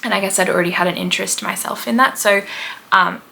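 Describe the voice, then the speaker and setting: A woman's voice: mid-range voice, fast talker, creaky, bright, forceful tone. A woman in her thirties with an Australian accent, telling a travel story in casual chat, rambling with lots of fillers. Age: 30s. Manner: chatty and rambling, with many "like" and "um" fillers. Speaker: podcast host, history teacher.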